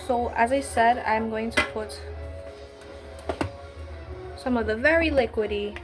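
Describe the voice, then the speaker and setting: A woman's voice: fairly high pitch, moderate pace, long pauses, music in the background. A woman chatting casually as she bakes, with cheeky slangy asides. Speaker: baking vlogger. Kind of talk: casual baking vlog.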